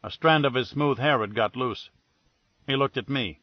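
A man's voice: mid-range voice, moderate pace, no echo. A man narrating a detective novel in a wry, matter-of-fact manner. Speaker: audiobook narrator. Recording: dull, dry studio read.

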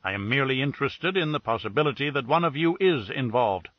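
A man's voice: mid-range voice, lively intonation, fast, no room sound, lightly acted. A man playing a ponderous, pompous detective who weighs every word in long formal sentences. The audiobook sound is dry and a little dull. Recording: dull, dry studio read.

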